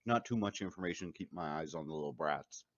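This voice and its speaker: A man playing a tabletop game, talking in a quick, offhand way. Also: rumbling low. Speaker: player. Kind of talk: casual play at the table. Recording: dull lo-fi mic.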